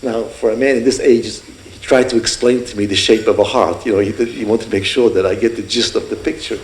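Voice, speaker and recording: Guy in his 60s giving a heartfelt story speech at a fundraiser, mid pitch, roomy echo and a little hum. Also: fairly even intonation, brisk, darkish tone. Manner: earnest, heartfelt storyteller who voices the people in his stories. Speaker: speaker at a fundraiser. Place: event hall. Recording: echoey hall with faint room noise.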